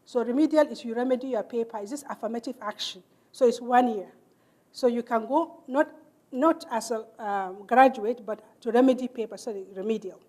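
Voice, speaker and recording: A woman's voice: fairly high pitch, brisk. A middle-aged Nigerian woman giving a speech in a large hall, telling her life story earnestly and acting out the people in it. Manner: earnest, animated storytelling with quoted dialogue. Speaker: keynote speaker.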